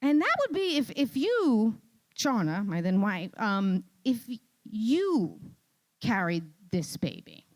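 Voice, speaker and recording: A woman's voice: medium pitch, big pitch swings, slow, darkish tone, voice pushed down. A woman voicing a male doctor who explains things carefully and hesitantly. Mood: explaining. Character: man doctor, measured and matter-of-fact.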